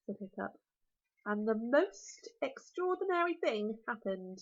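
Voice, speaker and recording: A woman teacher with a British accent reading a children's novel aloud, with expressive, animated storytelling. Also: on the high side, a little slow. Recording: lo-fi recording.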